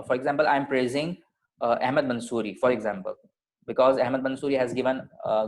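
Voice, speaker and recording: A man's voice: medium pitch, a little hiss or hum, rough recording. Patient male teacher, many okays. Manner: patient, explaining with many fillers and repeated okays. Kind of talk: online class lesson.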